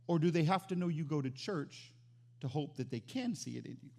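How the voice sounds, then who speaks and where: High-voiced animated preaching man. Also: fairly quick, gravelly. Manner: animated, swings from loud exclamations to quiet emphasis. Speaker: pastor. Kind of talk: sermon.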